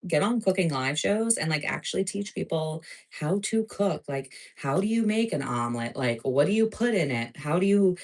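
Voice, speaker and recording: A woman's voice: on the low side, lively intonation, normal speed, hardly any pauses, darkish tone, poor audio. A woman from New Jersey with a New Jersey accent, hosting a live cooking stream in a chatty, rambling way full of filler words. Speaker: cooking show host.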